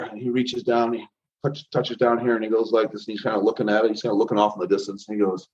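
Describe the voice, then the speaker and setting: A man's voice: medium pitch, steady tone, quick pace. A middle-aged man telling rambling stories about his path to healing work, often acting out the voices of people he quotes. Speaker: interview guest, chiropractor and healer. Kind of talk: casual storytelling interview. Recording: dull lo-fi audio.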